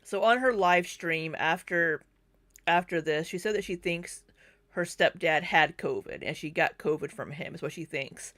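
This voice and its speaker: A woman's voice: on the low side, normal speed, fairly bright tone, no room sound. A woman hosting a reaction commentary, chatting about clips and often breaking into laughter. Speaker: commentary channel host.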